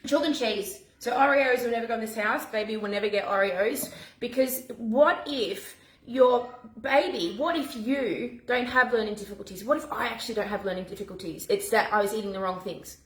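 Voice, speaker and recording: A woman, chatting casually to camera as a mum vlogger, animated and talking in quick bursts with restarts. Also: fairly high pitch. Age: 40s. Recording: echoey room.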